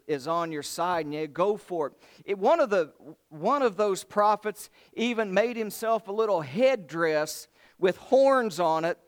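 A man's voice: high-pitched, clean tone. A man preaching a sermon, retelling a Bible story in a casual, colloquial way and acting out the characters' lines.

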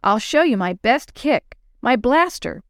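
A woman voicing an excitable young girl in a children's storybook reading. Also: fairly high pitch, a little slow, dry recording, clean studio sound, pitched above the performer's own voice, full character voice. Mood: excited. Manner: bright and eager.

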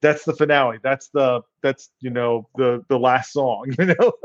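A man's voice: mid-range voice, fairly even intonation, a little slow. A man co-hosting a casual fitness podcast who rambles through his stories and laughs at them. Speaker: podcast co-host. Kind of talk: casual chat. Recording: dry, dull lo-fi sound.

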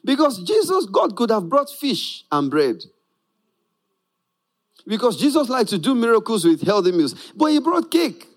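Male preacher, high and very lively voice, playful, acts out characters mid-sermon. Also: measured pace. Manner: animated, laughing often, acting out quoted voices.

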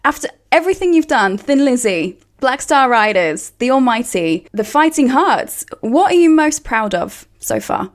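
A woman interviewer asks her guest questions in a light, teasing way. Her voice sits a little high. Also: big pitch swings, normal speed, few pauses.

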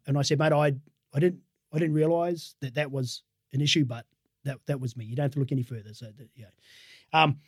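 A man's voice: fairly high pitch, no echo, studio quality. An Australian man, a sports team's head of performance, telling rambling stories in a casual interview and laughing at his own tales.

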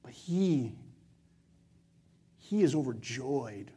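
A male pastor preaching a sermon to his church with passion, his voice swinging from loud, urgent stretches to hushed ones. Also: mid-range voice, expressive, drawn-out words, slightly rough.

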